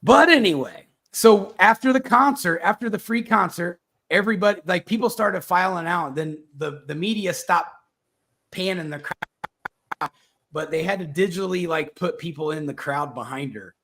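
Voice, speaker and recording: A man's voice: high voice, fairly bright tone. Rambling man hosting a chat show. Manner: rambling, halting, with many fillers and restarts. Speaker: podcast host. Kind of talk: casual political chat.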